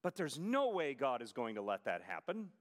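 A man's voice: medium pitch, wildly swooping pitch, moderate pace, long reverb tail. A man preaching a sermon, retelling a story with emphasis and rhetorical questions.

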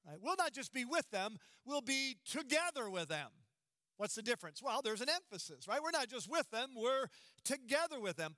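A middle-aged man preaches with a high, bright, ringing voice. He leans hard on key words and keeps asking the congregation questions. The sound is dry and close. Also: dry recording. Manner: emphatic, asks the congregation rhetorical questions. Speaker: pastor. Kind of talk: sermon.

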